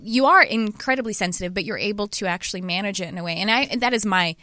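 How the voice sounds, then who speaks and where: A woman hosting an interview, telling stories in a rambling, animated way with many restarts. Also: medium pitch, fast, dry recording, studio quality. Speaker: podcast host. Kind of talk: casual interview chat.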